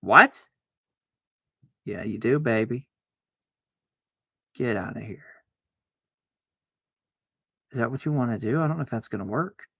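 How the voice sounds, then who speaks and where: A man streaming a card game, chatting casually to himself, arguing back and forth aloud with sudden excited exclamations. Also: medium pitch, fast, few pauses, dry recording, highs cut off. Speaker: livestreamer playing solitaire. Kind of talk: casual self-talk while gaming.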